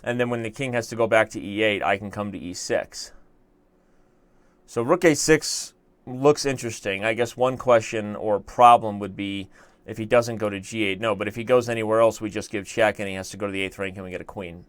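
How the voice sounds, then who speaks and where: Working through a chess puzzle on his show, a young man thinks aloud in a relaxed live-stream way, cracking self-deprecating jokes. He speaks briskly in a lowish voice, and the recording is dry.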